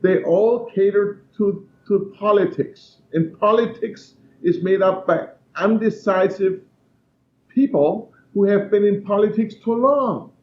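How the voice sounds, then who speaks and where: A man's voice: sits high, a little slow, highs cut off, a little hiss or hum. Blunt man on an echoey remote line. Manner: blunt, emphatic, sarcastic. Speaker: guest. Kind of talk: political interview.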